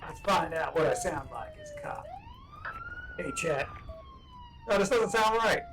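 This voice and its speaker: A woman streamer using a cop voice changer, barking orders to clear the road. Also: medium pitch, wildly swooping pitch, a little slow. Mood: commanding. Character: gruff cop on a police car loudspeaker. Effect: voice changer with police siren. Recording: distant, noisy, siren behind.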